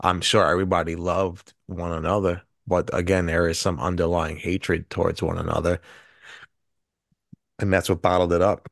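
A man's voice: sits low, flat delivery, moderate pace, gravelly, dry recording, studio quality. A man co-hosting a podcast, talking through favorite film scenes in a rambling way with frequent restarts. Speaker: podcast co-host. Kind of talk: casual movie review chat.

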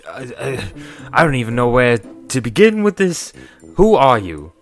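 A man's voice: medium pitch, big pitch swings, normal speed, soft background music. A man playing a tabletop game, flustered and joking. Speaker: player.

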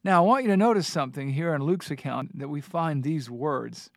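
A man's voice: on the high side, a little fast, no echo, clean studio sound. A man hosting a Bible discussion, reading passages aloud and teaching with earnest emphasis. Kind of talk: scripture teaching in a studio discussion.

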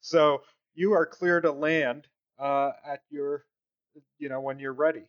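Slow, higher-voiced man on a dull recording. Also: fairly even intonation. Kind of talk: in-character tabletop role-play. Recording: dull lo-fi sound.

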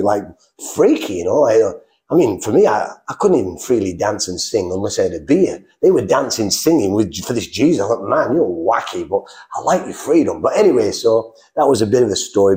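A middle-aged man from England telling his life story in a casual, animated way, acting out the voices he quotes. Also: on the low side. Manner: animated, acts out quoted voices, frequent restarts. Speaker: guest telling his testimony.

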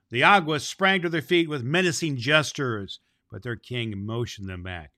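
A man reading a storybook aloud in a measured, expressive manner as a Santa figure. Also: mid-range voice, no room sound, clean studio sound. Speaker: storybook reader in a Santa persona.

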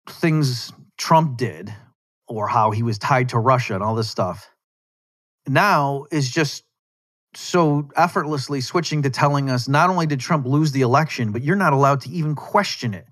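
Argumentative man hosting a solo podcast. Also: medium pitch. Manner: argumentative, conversational, with rhetorical asides. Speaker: podcast host. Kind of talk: solo political commentary.

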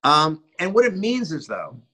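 Husky middle-aged man telling stories. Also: a little high, measured pace, rough recording. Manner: rambling, animated anecdotes with frequent restarts. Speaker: cinematographer. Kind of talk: interview storytelling.

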